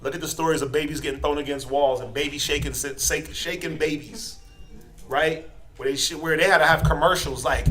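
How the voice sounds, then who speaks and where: A high-pitched, bright-toned American man teaching a class. He jokes as he goes and acts out short voices in lively asides. His delivery is loose and conversational. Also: fairly quick. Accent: American English. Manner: animated, joking, acts out quoted voices.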